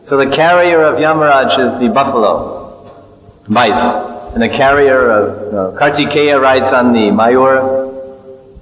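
A man's voice: medium pitch, fairly bright tone. A man giving a scripture lecture, telling stories and acting out sounds and voices along the way. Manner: storytelling, acts out sounds and voices. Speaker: spiritual teacher. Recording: echoey hall, dull lo-fi sound.

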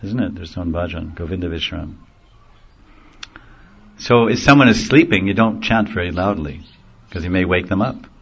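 A man teaching a devotional sermon in a gentle storytelling manner, chuckling now and then at his own jokes. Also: deep voice, moderate pace, creaky, pauses often, breathy edge. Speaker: spiritual teacher. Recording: dull lo-fi recording.

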